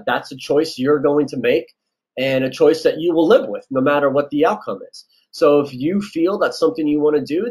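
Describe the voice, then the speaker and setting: A man's voice: on the high side, rough recording. A man giving casual audition advice as a casting director, loose and chatty with lots of fillers. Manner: loose, chatty, lots of likes and you-knows.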